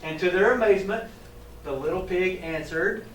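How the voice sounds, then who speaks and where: A man's voice: high voice, moderate pace, slight background noise. A man reading a picture book aloud to children, stopping to ask them questions. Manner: animated, asks questions, chuckles. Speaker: teacher trainer reading aloud. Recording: echoey room, distant mic, faint ambience.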